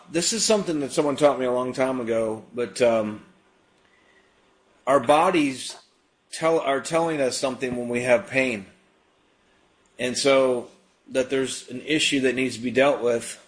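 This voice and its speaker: A man hosting a live call-in prayer show on the radio. He prays and chats in an easygoing, unpolished way, with frequent fillers and restarts. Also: mid-range voice. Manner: prays and preaches in a relaxed, conversational way with frequent fillers. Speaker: radio ministry host.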